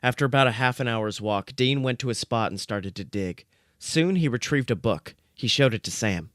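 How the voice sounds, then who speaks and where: Dude reading fanfic deadpan, mid voice, super dry close sound. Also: male voice, medium pitch, normal speed, dry recording. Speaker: fan fiction reader. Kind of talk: comic story reading.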